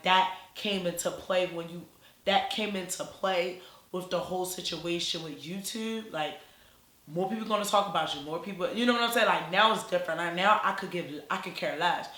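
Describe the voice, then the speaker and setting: A young woman from Baltimore with a Baltimore accent, telling a rambling, animated storytime full of "like" and slang. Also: fairly low pitch, echoey room. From Baltimore, USA. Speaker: YouTuber. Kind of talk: casual storytime vlog.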